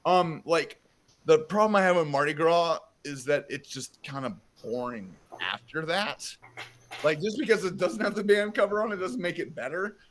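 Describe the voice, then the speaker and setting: A man's voice: a little high, lively intonation, moderate pace, fairly bright tone, a little hiss or hum. Profane rambling man in casual chat. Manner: rambling, profane, self-mocking, slips into a put-on Southern drawl. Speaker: podcast co-host.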